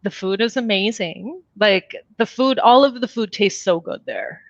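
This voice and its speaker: A woman's voice: medium pitch, measured pace, dry recording, highs cut off. An American woman, a guest and improv performer, telling funny stories animatedly and laughing often. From United States. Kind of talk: casual interview chat.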